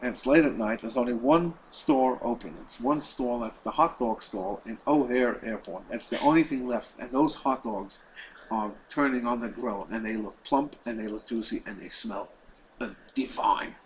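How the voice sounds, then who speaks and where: A man teaching a class as a rabbi, telling a story with lively delivery, repeating words and acting out the quoted lines. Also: mid-range voice, normal speed, slight background noise, poor audio. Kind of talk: storytelling lesson.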